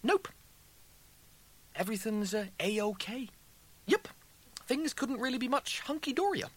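Guy putting on a pompous prickly spaceman, way up high and strained, lively swoops, blows up into yelling now and then, bright tone. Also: normal speed, heavily acted. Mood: falsely cheerful. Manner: strained, high-pitched, bursts into shouting.

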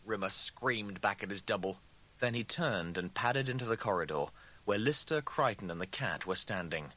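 A man narrating an audiobook in a deliberate, dramatic storytelling style. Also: low voice, sharp tone.

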